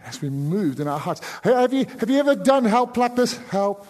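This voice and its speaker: South African preacher in a ringing hall. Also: male voice, sits high, very animated, moderate pace. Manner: swings from hushed pleading to sudden loud cries. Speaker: pastor. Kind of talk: sermon.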